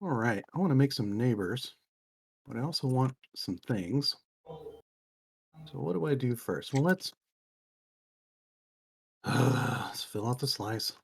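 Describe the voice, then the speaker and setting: A playful player chats with the stream and the table while picking moves. The voice sits in a middle pitch and stays casual and upbeat. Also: animated, takes it slowly, gravelly, pauses often, husky. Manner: playful, talks to chat and the table. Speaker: board game player streaming to chat. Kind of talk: casual game-table chat.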